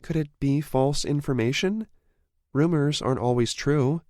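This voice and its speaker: A man's voice: fairly high pitch, unhurried, a little mellow, no echo, clean studio sound, pitched above the performer's own voice, natural voice. Man doing adult woman's voice, worried, fiery, swears when angry, storybook romance.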